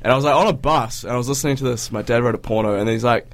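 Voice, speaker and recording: A young man, hoarse from losing his voice, telling a story as a guest with animated laughter. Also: mid-range voice, rapid-fire. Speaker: guest, show director.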